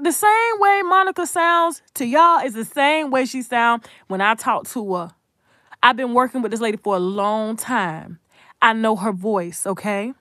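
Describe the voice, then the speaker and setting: A woman giving heated, profane live commentary, hammering points with repetition and shifting between hushed asides and loud outbursts. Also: dry recording, clean studio sound. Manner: rises into high, loud outbursts; drops to hushed, whispered asides.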